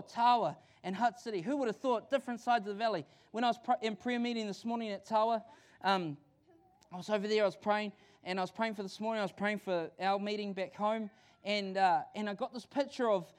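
Excited New Zealand pastor, high voice. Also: male voice. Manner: excited, energetic, conversational preaching with frequent restarts. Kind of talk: sermon. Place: church.

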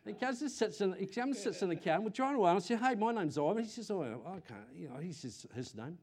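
An older man with a New Zealand accent preaching a sermon to a congregation, animated, often repeating words and asking questions. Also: high voice, quick pace.

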